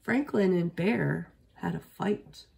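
Gravelly-voiced woman reading a picture book. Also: fairly low pitch, slow pace. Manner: steady, expressive read-aloud. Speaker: storyteller. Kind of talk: reading a children's book aloud.

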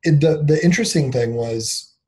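A man's voice: on the high side, moderate pace, dark tone, poor audio. A man in his thirties, a company founder, telling a personal story as an interview guest in a candid, filler-heavy way, often acting out what people said. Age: 30s. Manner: candid, filler-heavy, acts out quoted dialogue.

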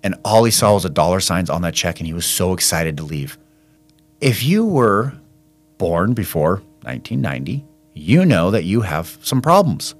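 A middle-aged man hosting a podcast, venting in an animated monologue and acting out the people in his stories. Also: deep voice, normal speed, faint music behind. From California. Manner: animated storytelling, acts out dialogue in quoted voices. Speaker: podcast host and business owner. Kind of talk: ranting monologue.

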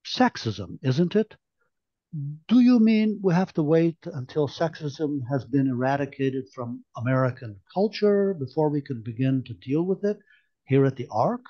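A man's voice: a little high, lively intonation, unhurried, highs cut off. A man voicing an earnest, idealistic young man who speaks hesitantly, groping for words.

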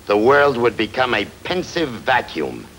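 An actor playing a sardonic, witty male theater critic in a 1940s film, with a deep, gravelly voice. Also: very animated, a little slow, fairly bright tone. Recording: noisy 1940s film soundtrack.

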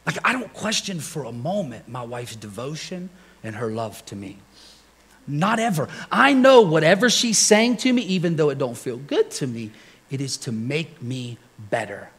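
A man preaching to a church congregation in a loose, joking style. His voice sits fairly high and swings widely as he tells stories, chuckling and tossing questions to the listeners. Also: big pitch swings, moderate pace, a bit bright. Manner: jokey, chuckles often, asks the congregation questions. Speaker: pastor. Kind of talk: conversational sermon with personal stories. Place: church service before a congregation.

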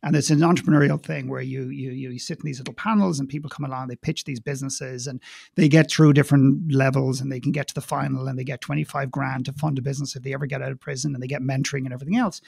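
A man's voice: medium pitch, flat delivery, fast, vocal fry, darkish tone, breathy edge, no echo, clean studio sound. A man with an Irish accent, a guest in a podcast interview, talking passionately and bluntly, swearing and repeating words as he goes.

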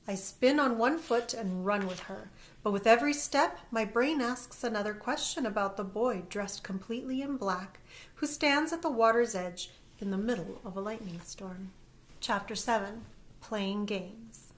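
A woman's voice: mid-range voice, normal speed. Woman narrating a first-person audiobook.

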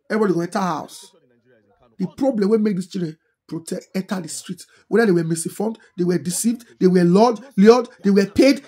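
A middle-aged woman with a Nigerian Pidgin English accent, delivering impassioned political commentary in an animated, scolding way, full of rhetorical questions. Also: medium pitch, fast, husky. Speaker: social media commentator.

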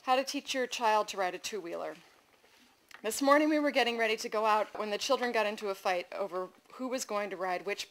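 A woman's voice: medium pitch, rough recording. Woman reading her memoir stories aloud. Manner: lively, amused asides to the audience. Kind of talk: live reading of personal essays. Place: festival reading event before an audience.

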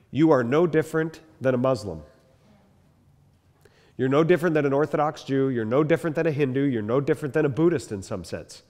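A man, a pastor, giving an emphatic, conversational church history lecture to a live group. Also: on the high side. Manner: animated, emphatic, conversational with the room. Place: church hall with long reverb. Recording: echoey hall reverb.

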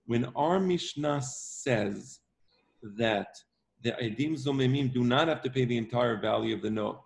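This man teaches a Talmud class online in a mid-range, gravelly, slightly mellow voice. He is emphatic and repeats himself, often pressing his points with "right?" to check in with listeners.

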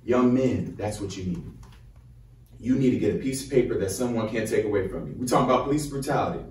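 A man in his twenties from Chicago with a Chicago accent, giving a motivational, preacher-like speech to high schoolers. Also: fast talker, darkish tone, a little hiss or hum. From Chicago, USA. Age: 20s. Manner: fired-up, preacher-like call and response. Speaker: medical student speaking to high schoolers. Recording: roomy echo, from far off.

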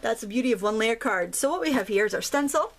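Talking fast and animatedly in a slightly high voice, a craft tutorial host from Maine jokes her way through a casual demonstration at home. She has a light Maine accent, stays chatty, and thinks aloud while she works.

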